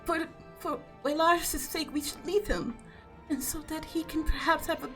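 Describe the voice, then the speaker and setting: A woman voicing a tearful bug-like mother who pleads in a high, breaking voice during a tabletop game. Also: normal speed, fairly bright tone, faint music behind. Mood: pleading.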